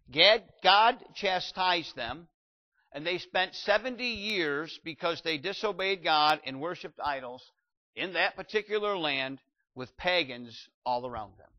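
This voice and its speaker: A man in his fifties preaching a sermon, swinging between loud exhortation and quiet storytelling. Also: a little high. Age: 50s. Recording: dull lo-fi recording.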